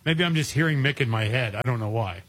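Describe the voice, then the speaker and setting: Lively-voiced man in easygoing panel chat. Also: medium pitch, quick pace, slightly rough. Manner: easygoing, laughs, trails off.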